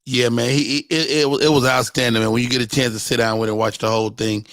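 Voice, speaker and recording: A man's voice: medium pitch, steady tone, fast talker, fairly bright tone, dry recording. A man hosting a podcast, chatting casually and bantering playfully with his guest. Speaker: podcast host. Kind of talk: casual chat.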